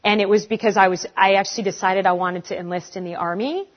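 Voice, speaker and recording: A woman in her forties answering audience questions in a casual, animated way, acting out the voices of people she quotes. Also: mid-range voice, quick pace. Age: 40s. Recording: dull lo-fi recording.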